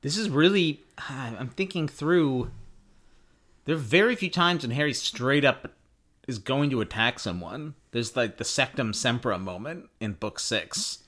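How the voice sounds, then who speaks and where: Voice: mid-range voice, expressive, a little slow, a bit bright. A podcast co-host in casual chat, adding wry asides.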